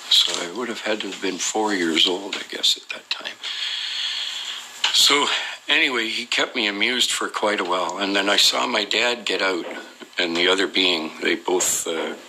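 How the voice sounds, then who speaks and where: Deep gravelly man telling a story. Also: moderate pace, background noise. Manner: rambling, hesitant, full of "uh" and restarts. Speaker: eyewitness telling his own experience. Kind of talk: unscripted personal storytelling.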